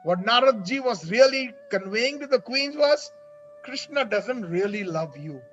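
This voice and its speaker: A man's voice: very high-pitched, lively intonation, measured pace, a bit bright. A man delivering a devotional story sermon as a religious storyteller, earnest and dramatic. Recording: dull lo-fi with faint music.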